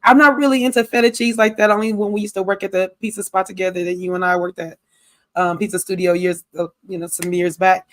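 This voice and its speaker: A woman's voice: medium pitch, steady tone, fast talker, no echo. A woman co-hosting a casual livestream chat. She talks candidly, with features, long asides and frequent laughs. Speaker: co-host.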